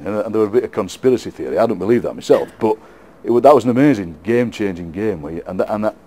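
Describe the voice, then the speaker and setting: A middle-aged man with a Yorkshire accent, a poet being interviewed, telling lively football anecdotes with frequent laughs and repeated words. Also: fairly low pitch, very fast. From England. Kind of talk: casual storytelling interview.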